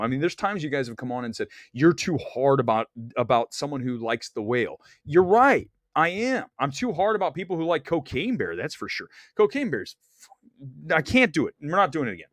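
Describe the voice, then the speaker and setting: Blunt, rambling male stream host with a raised pitch and a dry, close sound. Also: no echo. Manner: blunt, opinionated, rambling with restarts. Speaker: livestream host. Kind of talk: animated live-stream chat.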